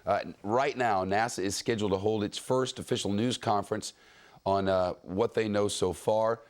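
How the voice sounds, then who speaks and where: A male news anchor taking over live breaking news coverage. His low voice is somber and deliberate, with a few fillers between phrases. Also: fairly even intonation.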